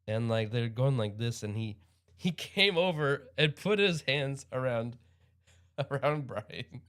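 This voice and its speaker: A man's voice: medium pitch, expressive, slow pace, fairly bright tone. A man hosting a livestream in casual chat, rambling and upbeat with frequent chuckles. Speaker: livestream host.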